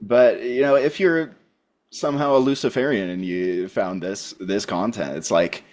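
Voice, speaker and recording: A man speaking calmly and reflectively as a co-host in a casual spiritual podcast conversation. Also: fairly low pitch. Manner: calm, measured, reflective.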